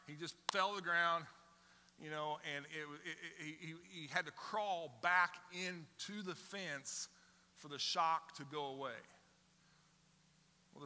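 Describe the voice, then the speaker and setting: A middle-aged man preaching a sermon to his church, conversational and animated, acting out little scenes as he goes. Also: fairly high pitch, long reverb tail. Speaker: pastor. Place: church sanctuary with congregation.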